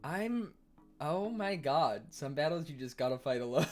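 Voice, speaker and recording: A man streaming live in a casual chat, reading viewers' messages aloud and answering them while he eats, quick to argue and defensive. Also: on the high side, animated, soft background music.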